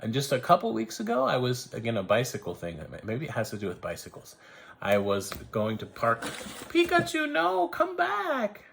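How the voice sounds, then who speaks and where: A man's voice: on the low side, lively intonation, brisk, vocal fry, fairly bright tone, a little hiss or hum. An American man in his forties telling a rambling, self-interrupting story in a casual vlog, acting out the voices of people he quotes. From United States. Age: 40s. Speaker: vlogger.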